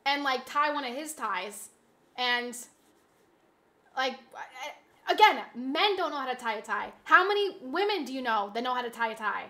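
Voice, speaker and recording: A woman's voice: high voice, lively intonation, normal speed, sharp tone. A young adult woman streaming from home, chatting casually and bantering defensively with her chat, swearing freely.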